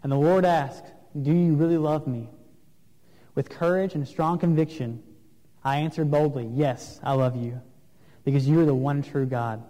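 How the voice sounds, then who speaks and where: A man preaching an earnest sermon, asking questions of his listeners, with some pauses and fillers. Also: medium pitch, steady tone, mellow. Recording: long reverb of a large room.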